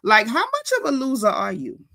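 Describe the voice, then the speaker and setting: Bright-voiced woman w/ african american english accent, sassy gossip host, fired up and indignant. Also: a little high, huge pitch swings, fairly quick, creaky. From United States. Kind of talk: casual commentary livestream.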